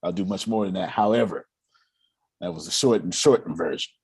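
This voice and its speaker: A man leading a motivational meeting on money and cash flow, animated and laughing as he acts out quotes. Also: low voice, brisk, breathy edge. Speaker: finance coach leading a meeting. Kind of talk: motivational talk.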